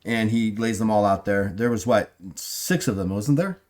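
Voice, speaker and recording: A man's voice: on the low side, normal speed, darkish tone. A man narrating as game master, rambling with fillers and restarts as he sets scenes.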